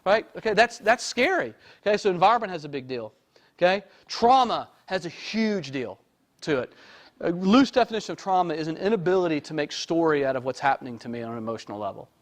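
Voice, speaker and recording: A high-voiced man gives an informal lecture to an audience. He speaks as a therapist, in a chatty, joking way, and keeps checking in with "right?" and "okay?". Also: lively intonation, quick pace. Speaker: therapist giving a talk.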